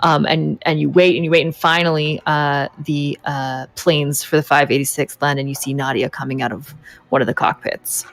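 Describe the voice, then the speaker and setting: Halting woman game master. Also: low voice, little pitch movement. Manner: halting, filler-heavy narration. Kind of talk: narrating a tabletop game.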